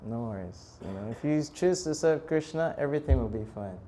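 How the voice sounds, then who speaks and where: Casting: man in his thirties, animated storyteller in a temple talk, mid-pitched voice, laughs a lot. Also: fairly quick, a little hiss or hum. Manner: animated, laughs often, bursts into shouted prayers. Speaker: monk preacher.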